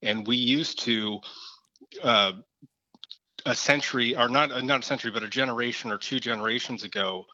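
Earnest guy guest, bright voice, muffled lo-fi sound. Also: medium pitch, moderate pace, no room sound. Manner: earnest, uses fillers like "like". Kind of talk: casual talk.

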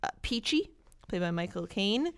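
A woman's voice: mid-range voice, big pitch swings, normal speed. A woman co-hosting a podcast, chatting casually about movies and laughing often. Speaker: podcast co-host.

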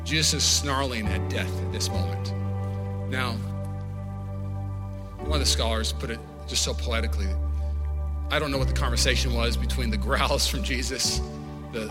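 A male pastor preaching a passionate sermon that builds to snarls and shouts. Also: mid-range voice, moderate pace, long pauses. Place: church sanctuary. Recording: church hall reverb with faint music.

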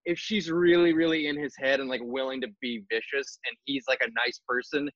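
A man's voice: medium pitch, fairly even intonation, a little fast, fairly bright tone, dry recording. Wisecracking man, slightly dull mic. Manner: wisecracking, drops into joke voices. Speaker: guest comedian. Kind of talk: casual comedy podcast chat.

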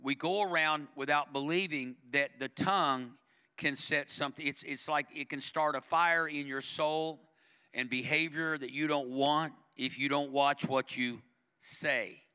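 A man's voice: on the high side, fairly even intonation, a little slow, sharp tone, smooth, long reverb tail. A man preaching a sermon as pastor, conversational and emphatic, driving points home through repetition. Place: church sanctuary.

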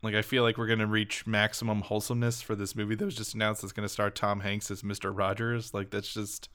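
A man co-hosting a casual podcast chat, animated and laughing often. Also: fast, clear, resonant tone. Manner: animated, laughs a lot, jumps to high squeaky voices for quoted reactions. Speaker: podcast co-host.

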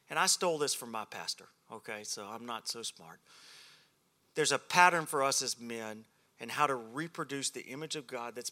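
A man's voice: medium pitch, bright, forceful tone. A man preaching a humorous sermon at a men's ministry, a self-deprecating and joking storyteller.

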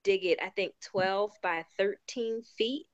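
A woman with a Baltimore accent, chatting animatedly and incredulously as a podcast co-host. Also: mid-range voice. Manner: animated, incredulous, quick asides. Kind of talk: casual chat. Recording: slightly muffled lo-fi audio.

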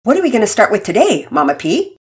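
A woman's voice: medium pitch, wildly swooping pitch, fast talker, pitched above the performer's own voice. Woman doing an eager, gushing young boy. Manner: gushing, slangy.

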